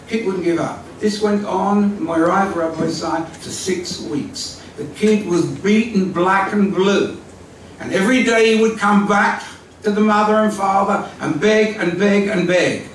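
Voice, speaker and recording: A man's voice: high voice, a little slow, distant mic, slight background noise. Older man telling a story in an echoey hall. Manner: vivid storytelling with acted-out quotes, lively. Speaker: speaker at a community evening, former school leader. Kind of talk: storytelling talk. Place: large hall at an evening event.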